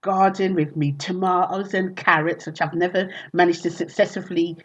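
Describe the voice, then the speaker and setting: A woman comedian chatting casually in a remote interview, telling animated, self-mocking stories. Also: fairly low pitch, moderate pace, dull audio. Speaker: comedian guest. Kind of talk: casual chat.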